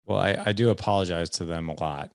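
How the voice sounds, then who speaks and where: A man's voice: deep voice, quick pace, gravelly, clean tone, no room sound, studio quality. A middle-aged man hosting a podcast, telling a long story in a rambling, self-deprecating way. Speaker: podcast host. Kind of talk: casual podcast conversation.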